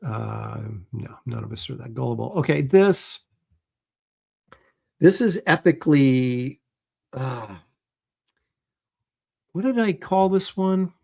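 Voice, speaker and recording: A man's voice: mid-range voice, lively intonation, slow pace, creaky, pauses often, a little mellow. A man hosting a casual livestream, reacting to videos and reading viewer comments in a sarcastic, skeptical way. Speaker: livestream host.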